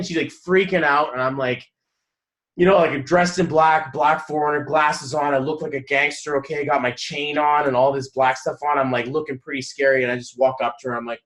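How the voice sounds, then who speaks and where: A man's voice: mid-range voice, fairly even intonation, fast, a bit bright. A man in his thirties, a numerology coach giving a motivational talk to a group on a video call, telling stories animatedly and laughing mid-sentence. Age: 30s.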